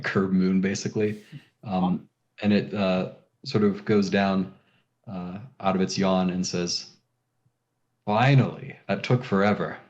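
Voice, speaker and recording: A man's voice: lowish voice, a little mellow. A man narrating a tabletop game as game master, hesitant with many ums and uhs, on a dull lo-fi recording.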